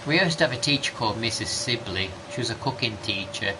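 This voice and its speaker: A man's voice: lowish voice, lively intonation, fast talker. A man, rambling chattily through gameplay commentary with casual mild swearing. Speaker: gaming streamer. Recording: background noise.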